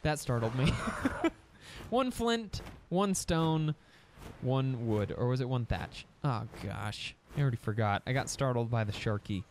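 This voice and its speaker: A man hosting a gaming channel, chatting casually at home through his gameplay with a chatty, excitable manner and frequent stammered restarts. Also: mid-range voice, normal speed, a little hiss or hum. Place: home recording setup.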